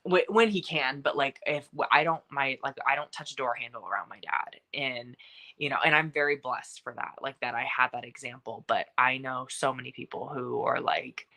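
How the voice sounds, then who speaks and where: A young woman speaking as a podcast guest in casual conversation, talkative and lively, with many fillers and asides. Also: rumbling low, normal speed.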